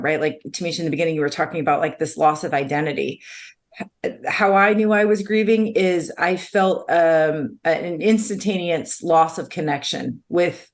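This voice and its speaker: A woman co-hosting a podcast, talking candidly and earnestly about her own experience, often repeating herself. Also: sits low. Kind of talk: candid conversational podcast chat.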